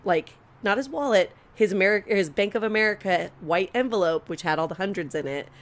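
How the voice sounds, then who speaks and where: A woman's voice: medium pitch, fairly quick. A young adult woman co-hosting a podcast, telling a long story in casual chat, acting out quotes and swearing freely. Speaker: podcast co-host.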